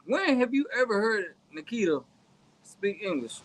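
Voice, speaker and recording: A man's voice: sits high, moderate pace. A man in his forties co-hosting a casual wrestling talk show, telling stories emphatically with slang and repetition. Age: 40s. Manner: animated storyteller, emphatic slang, repeats himself. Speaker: podcast co-host.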